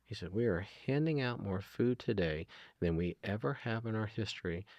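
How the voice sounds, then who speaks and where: Low gravelly middle-aged man, earnest. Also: moderate pace, darkish tone, dry recording, dull audio. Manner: earnest, retells dialogue, frequent ums and you-knows. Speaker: guest, food nonprofit founder. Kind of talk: conversational interview storytelling.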